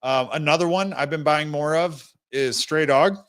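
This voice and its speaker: A man's voice: on the high side, moderate pace, a bit bright, clean tone. A young man hosting a casual crypto livestream, talking bluntly and rambling with many restarts, fighting the hiccups and short of breath.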